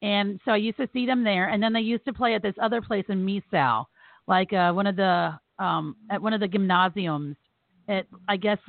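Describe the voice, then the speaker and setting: A woman's voice: mid-range voice, moderate pace, creaky, dry recording. A woman co-hosting a podcast, telling funny family stories with laughter and acted-out quotes, recovering from surgery and on pain meds. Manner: animated, laughing storyteller acting out quotes. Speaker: podcast co-host. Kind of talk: casual storytelling chat. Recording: tinny phone-like line.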